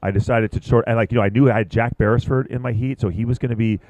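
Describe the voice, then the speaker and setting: A man commentating live at a surfing contest, chatty and excitable, rambling about boards and waves. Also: mid-range voice, very fast.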